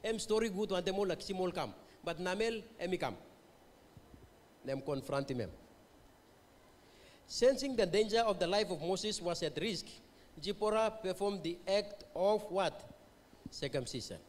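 A man with a Papua New Guinean accent preaches at a revival meeting, his voice sitting high for a man. He moves back and forth between English and Tok Pisin and keeps asking the listeners questions. The sound carries a long reverb from the church hall. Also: lively intonation, unhurried, pauses often, slight background noise. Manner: mixes English and Tok Pisin, quizzes the congregation. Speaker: pastor. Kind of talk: revival sermon.

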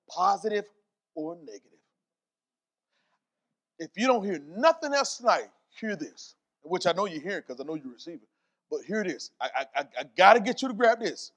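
High-voiced preaching pastor, emphatic. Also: male voice, sing-song, normal speed, long pauses. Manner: preaching with rising, emphatic repetition and scripture quotes. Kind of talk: sermon. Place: church.

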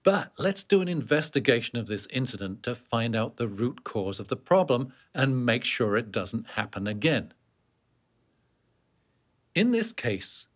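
A man giving scripted narration for a workplace safety training course, explaining step by step and answering his own questions. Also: mid-range voice.

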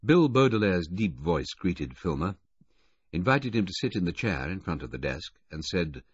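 Brief: male audiobook narrator, low and husky, expressive, dry lo-fi sound. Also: normal speed, no room sound. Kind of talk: first-person scripted narration. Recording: dull, dry lo-fi audiobook recording.

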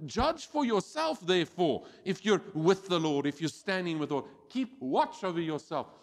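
Animated preaching man in a reverberant church hall. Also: high voice, moderate pace. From South Africa. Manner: animated preaching, acting out quoted voices. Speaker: pastor. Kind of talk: sermon.

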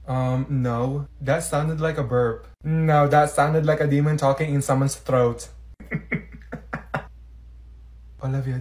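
A comedy sketch creator, a man, acts out short skits, rapidly switching among several schoolgirl characters and erupting into sassy shouted outbursts. His voice is a little high.

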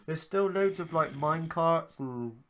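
A man's voice: a little high, slow pace. A man teasing his co-player in a casual, sweary gaming chat. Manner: sweary, playful, teasing banter. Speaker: gamer co-host.

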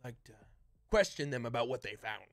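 A man plays a blunt, bossy mercenary captain barking low, curt orders. Some lines drop to a hushed whisper. The sound is dry and close to the mic. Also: lively intonation, a little fast, dry recording, lightly acted. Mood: commanding. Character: gruff male mercenary leader, bossy and blunt.

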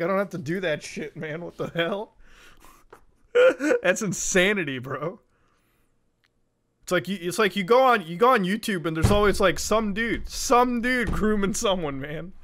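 A young male streamer talking casually to his viewers. He swears freely and gets excited quickly, often breaking into laughter. His voice sits fairly high and swings widely in pitch. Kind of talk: casual livestream chat.

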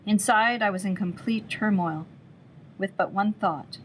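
A woman's voice: mid-range voice, a little slow, a little hiss or hum, poor audio. Brief: woman storyteller, chapter book read-aloud, mid-range voice. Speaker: reader.

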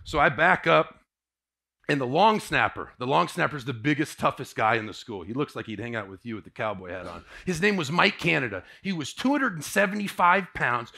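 A man in his forties from Indiana gives a personal testimony to a live audience. His bright, fairly high voice moves all over the place, dropping to a hush and then rising to a boom as he tells it. It is dramatic, lively storytelling. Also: normal speed, creaky. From Indiana, USA. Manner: dramatic storytelling, swinging from hushed to booming. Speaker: motivational speaker.

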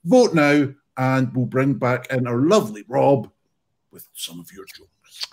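A man hosting an online comedy show in a relaxed, chatty way, laughing easily. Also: medium pitch, a little slow. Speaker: host.

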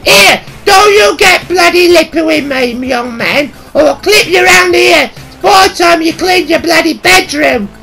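A man voicing a shrill, scolding mum in a screeching falsetto, nagging and swearing. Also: unhurried, gravelly, few pauses, faint music behind, full character voice. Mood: furious scolding. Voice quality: screeching falsetto, yelled from afar. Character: shrill scolding working-class mum, middle-aged woman.

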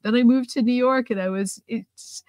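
A woman from outside Boston, hosting a casual interview and telling animated stories with lots of restarts. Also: on the high side, normal speed, no echo. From outside Boston, New England. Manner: chatty, stumbling restarts, animated storyteller. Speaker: host.

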